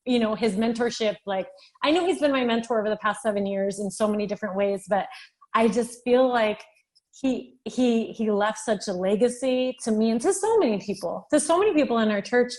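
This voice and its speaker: A woman's voice: fairly high pitch, fairly quick, low-quality recording. Emotional woman telling a personal story. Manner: animated storytelling, acting out dialogue; emotional, tearful at times. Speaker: physician assistant, interview guest. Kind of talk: podcast interview, personal testimony.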